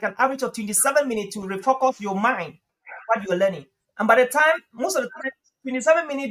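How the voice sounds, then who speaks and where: A man talking as a guest coach on a live stream, lively and emphatic, often laughing and repeating phrases for emphasis. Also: very high-pitched, rough recording. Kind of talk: conversational advice on a live stream.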